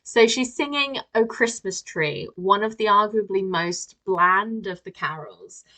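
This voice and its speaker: A woman's voice: medium pitch, a little slow, sharp tone, low-quality recording. Wry woman hosting a podcast. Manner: wry, dryly critical. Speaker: podcast host. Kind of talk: casual chat.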